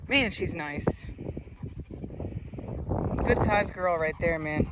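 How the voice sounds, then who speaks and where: A woman's voice: mid-range voice, expressive, a little slow, long pauses. A woman, a dog breeder chatting casually on her vlog and cooing baby talk at her dogs. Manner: coos baby talk at the dogs, calls them loudly. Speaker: dog breeder and channel host. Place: outdoors with dogs. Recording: noisy outdoor recording.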